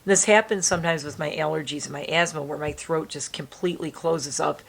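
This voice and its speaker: Female vlogger, rambling chatty delivery, deep gravelly voice, allergy-strained throat. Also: a little fast, slight background noise. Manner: rambling, talks to viewers with restarts. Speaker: beauty vlogger. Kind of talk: casual chatty vlog. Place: indoors at home.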